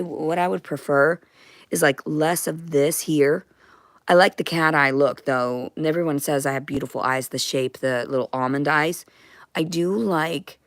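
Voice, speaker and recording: A young woman in a rambling, emotional monologue, blunt and profane, jumping between loud outbursts and hushed whispers. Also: sits low, no room sound. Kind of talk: rambling monologue to unseen listeners.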